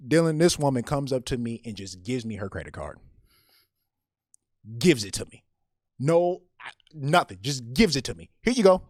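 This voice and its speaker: A man tells a personal story on a podcast, talking in an animated way and often repeating his words. His voice swings widely in pitch around a mid range. The sound is dry and close, with no room echo. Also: moderate pace, long pauses.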